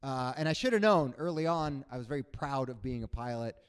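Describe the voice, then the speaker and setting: A man doing a stand-up comedy set on stage, animated and acting out other people's voices. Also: medium pitch, brisk, clean tone. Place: on stage before a live audience.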